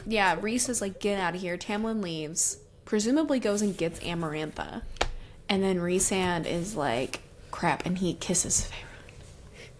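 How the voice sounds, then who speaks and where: A woman's voice: medium pitch, a little slow, slight background noise. A young adult woman co-hosting a podcast, recapping a novel in casual chat and loosely filling gaps with "um" and "like". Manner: recaps the plot loosely, with many fillers like "um" and "like". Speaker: podcast co-host. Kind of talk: casual book-discussion chat.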